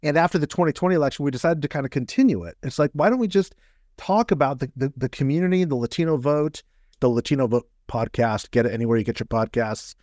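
A man's voice: a little high, fast talker, a little mellow, dry recording, studio quality. Earnest male political consultant guest. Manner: earnest, encouraging, many restarts. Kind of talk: casual interview chat.

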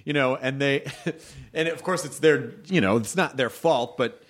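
A man chatting on a podcast, tossing in quick joking asides and mock complaints. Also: mid-range voice. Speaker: podcast co-host. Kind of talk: casual chat.

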